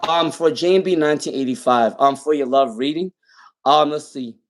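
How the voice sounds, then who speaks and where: A man's voice: a little high, normal speed. A man doing live tarot readings on a stream, rambling and repeating viewers' names with many ums. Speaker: tarot reader.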